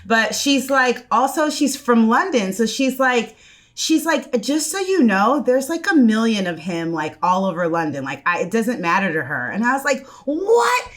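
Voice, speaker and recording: Lively high-voiced woman podcast host. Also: normal speed. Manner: animated, swearing, laughing storyteller. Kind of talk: casual chat.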